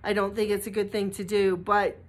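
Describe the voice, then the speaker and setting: A woman's voice: mid-range voice, little pitch movement, fairly quick. A middle-aged American woman talking casually to camera in a vlog, rambling with restarts and stopping for asides to her dog. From United States. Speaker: vlogger.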